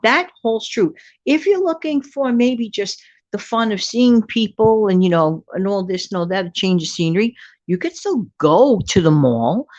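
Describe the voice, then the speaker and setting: A woman's voice: medium pitch, no room sound. A woman hosting an advice talk to her viewers, chatty and emphatic, repeating words for stress. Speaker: host. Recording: dull, lo-fi dry sound.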